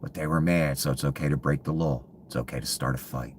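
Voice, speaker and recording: A man in a bitter, profane ranting monologue, full of contempt and often sinking to low hushed muttering. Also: fairly even intonation, fast, slight background noise.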